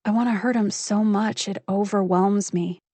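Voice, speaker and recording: A woman reading a first-person psychological thriller audiobook in a measured, intimate storytelling manner on a close studio mic. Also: mid-range voice, steady tone, warm tone, no room sound. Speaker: audiobook narrator.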